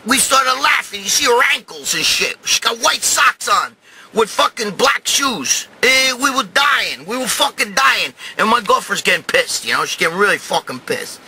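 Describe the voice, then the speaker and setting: Host, middle-aged New York Italian guy, crude rambling storyteller, high bright voice. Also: very animated, moderate pace, breathy edge, low-quality recording. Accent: New York Italian-American. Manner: profane, rambling, swings to loud shouting. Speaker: show host telling a story. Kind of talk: crude comic storytelling monologue.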